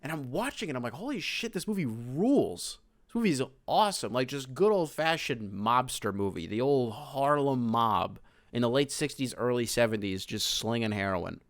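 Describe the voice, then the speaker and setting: A man's voice: medium pitch, moderate pace, no room sound, clean studio sound. Profane ranting male podcast host. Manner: profane, animated ranting with loud outbursts. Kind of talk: casual solo rant.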